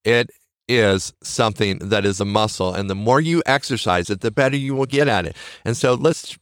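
A man's voice: on the low side, normal speed, clear, resonant tone, no echo, clean studio sound. A middle-aged man hosting a podcast, giving earnest, encouraging motivational talk that circles back to its key phrases. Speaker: podcast host.

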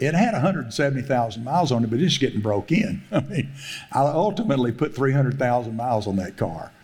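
A man's voice: medium pitch, darkish tone. A middle-aged man, preaching a sermon and telling a story, laughing often and acting out the voices he quotes. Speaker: pastor.

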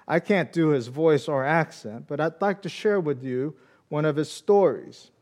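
A man preaching a Palm Sunday sermon, reading scripture and then telling a story in an earnest, measured way. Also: on the high side, darkish tone. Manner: earnest storyteller, slows for emphasis. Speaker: pastor.

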